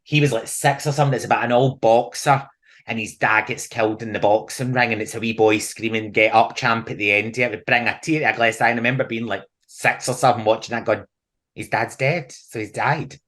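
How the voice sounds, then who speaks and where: Scottish man, middle-aged, casual chat, lively storyteller, laughs a lot. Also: medium pitch, fast. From Scotland. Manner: animated storyteller, laughs often. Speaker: podcast guest.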